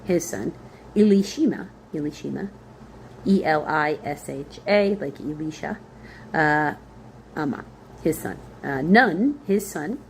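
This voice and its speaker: A woman's voice: sits low, animated, unhurried, a little hiss or hum. A woman leading a Bible study, reading names from scripture aloud, spelling hard ones out letter by letter and thinking aloud with fillers.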